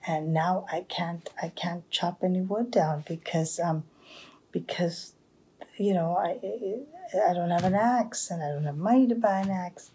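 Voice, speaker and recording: A woman voicing a poor, honest young male woodcutter in a told folktale, speaking in a breathy, half-whispered way. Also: lowish voice, a little slow, warm tone, slight background noise, natural voice. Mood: worried.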